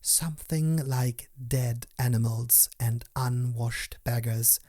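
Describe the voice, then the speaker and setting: A man narrating a storybook tale in a hushed, often whispered way. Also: medium pitch, slow. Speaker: audiobook narrator.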